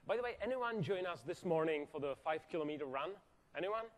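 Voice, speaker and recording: A man with a rather high voice co-presents at a conference as a product marketing manager. He talks in a calm, polite, low-key way. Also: fast. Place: large conference hall.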